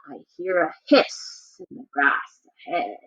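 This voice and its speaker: A big, hungry storybook monster drawls his lines slowly and believes what he hears, as a woman acts him out. The recording is dull and lo-fi. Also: fairly low pitch, big pitch swings, fairly bright tone, no room sound, full character voice. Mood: gruff.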